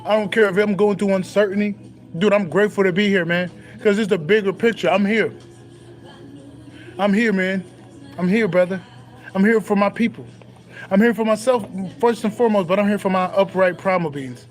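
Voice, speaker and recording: A man's voice: sits high, fairly quick, soft background music. A young man talking casually and profanely about his spiritual path, repeating phrases for emphasis. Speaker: spiritual content creator.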